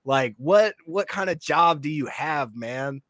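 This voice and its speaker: A man's voice: a little high, animated, takes it slowly, a bit bright, no room sound. Incredulous male co-host, dry close mic. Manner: incredulous, exclaims and laughs. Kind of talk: casual discussion reacting to a video.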